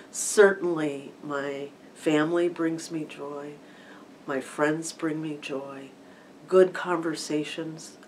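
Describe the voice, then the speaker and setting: A middle-aged woman minister with a lowish voice shares a reflective message. She talks in a thoughtful, unhurried way, pausing often. She sits a little back from the mic, with a faint hiss behind her. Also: far from the mic, low-quality recording. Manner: thoughtful, unhurried storytelling with pauses and fillers.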